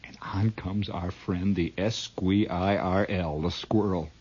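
A man's voice: sits low, steady tone, unhurried, a little mellow, breathy edge. A man telling a comic story as a dramatic monologue, adding his own sound effects, on a dull lo-fi recording. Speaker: comedian.

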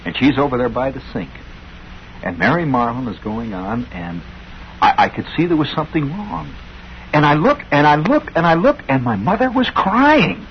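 A man's voice: a little high, big pitch swings, moderate pace, creaky. A middle-aged man hosting a radio show, telling a rambling story with wry, sardonic asides. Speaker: radio host. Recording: dull lo-fi old radio broadcast, faint hiss.

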